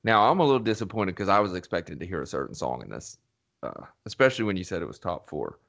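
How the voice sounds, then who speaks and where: A man's voice: sits low, sing-song, quick pace, vocal fry, fairly bright tone. A man co-hosting a podcast in casual chat, with dry, wry, profane remarks. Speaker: podcast co-host.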